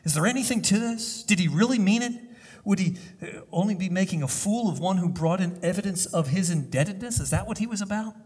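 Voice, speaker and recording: Man doing restless doubting tenants, raised high voice, urgent questions, husky, echoey hall. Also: expressive, a little fast, a little mellow. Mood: doubtful. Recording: long hall reverb.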